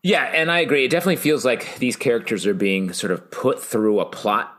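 A man's voice: mid-range voice, very animated, brisk, fairly bright tone. A man co-hosting a podcast, chatting casually about a TV episode in a rambling, self-correcting way. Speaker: podcast co-host. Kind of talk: casual TV recap chat.

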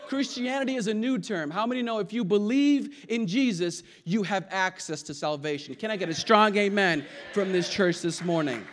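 A male pastor preaching a sermon in a church, energetic and conversational, calling on the congregation to respond. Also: high voice, moderate pace, hardly any pauses, some chatter behind.

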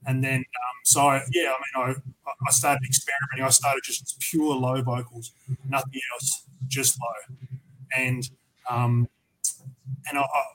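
A man's voice: mid-range voice, little pitch movement, a little slow, pushed and bright, low-quality recording. Casual, swearing Australian man. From Tasmania, Australia. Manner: profane, rambling anecdotes with many restarts. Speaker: podcast guest, metal vocalist. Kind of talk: casual storytelling interview.

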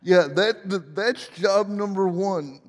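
Brief: male pastor in his forties, high voice, unhurried, playful sermon, church hall echo. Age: 40s. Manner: humorous, self-deprecating storytelling. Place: church sanctuary.

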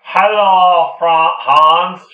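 A man's voice: high voice, fairly even intonation, extremely slow, dull audio. A man voicing a sweet, bumbling German radio co-host with a put-on German accent and a clumsy, affectionate manner. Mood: goofy. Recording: echoey room.

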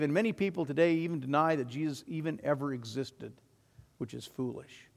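Guy preaching a sermon, gets loud and forceful then goes quiet, kinda high voice, big echoey hall. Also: a little fast, gravelly. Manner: swells to loud emphatic declarations, then drops quiet. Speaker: pastor.

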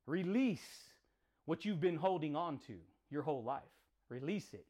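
A man's voice: on the high side, expressive, measured pace, a little mellow. A man hosting a podcast, giving an intense, profane motivational monologue in punchy, repeated phrases. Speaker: podcast host.

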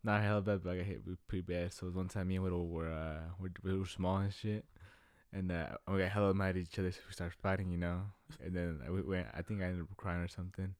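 Young man, casual chat, lowish pitch, slangy and halting, dry recording. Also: steady tone, a little mellow, clear, resonant tone, dry recording. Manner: slangy, halting, restarts words.

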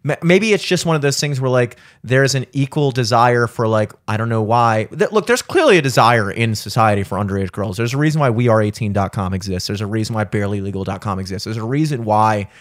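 A man's voice: lowish voice, animated, fast, few pauses. A man on a casual podcast, rambling and swearing, full of fillers and restarts. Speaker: podcast co-host.

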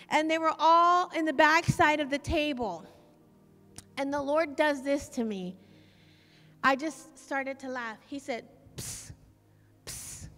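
High, bright-voiced woman preaching fervently. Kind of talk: sermon testimony. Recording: long hall reverb.

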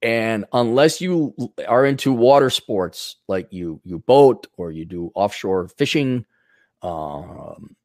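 A man's voice: lowish voice, expressive, slow, a little mellow, dry recording, studio quality. A man hosting a podcast, ranting with profanity and sarcasm and reading out viewer donations. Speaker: podcast host.

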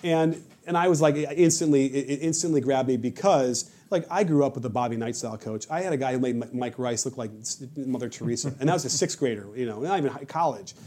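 Guy on a podcast rattling off coaching stories super fast, mellow low-ish tone, keeps restarting. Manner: rapid, animated storytelling with many restarts. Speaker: podcast guest, basketball coach and creator. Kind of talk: casual podcast conversation.

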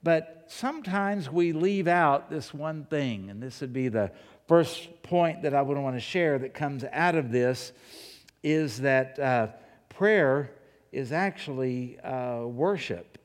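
A male pastor preaching a sermon in a slow, deliberate, conversational way, telling personal stories in a church. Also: medium pitch, lively intonation. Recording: long hall reverb.

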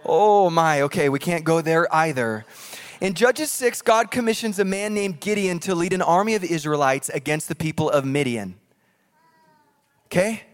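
A man preaching a sermon in a church, animated and jokey, acting out voices from scripture. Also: on the high side, normal speed. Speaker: pastor. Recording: long hall reverb.

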